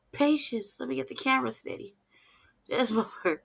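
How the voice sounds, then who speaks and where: A woman's voice: high voice, vocal fry. A woman hosting a casual reaction show, laughing often and commenting in loose slang. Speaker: host reacting to videos.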